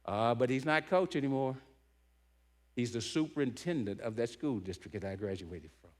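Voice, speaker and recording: A man's voice: medium pitch, lively intonation, moderate pace. A middle-aged man tells a personal story to a gathering of men, earnest and heartfelt. His voice sits in a mid range. He keeps the room with him by asking "right?" after his points. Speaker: keynote speaker. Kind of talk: emotional storytelling talk to a men's gathering.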